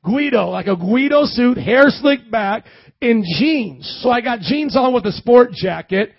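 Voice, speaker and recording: A man from the American Midwest preaching a sermon as pastor, animated and calling on the congregation to answer back. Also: extremely high pitch, a little slow, vocal fry, dry recording, dull audio. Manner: animated, calls for congregation responses.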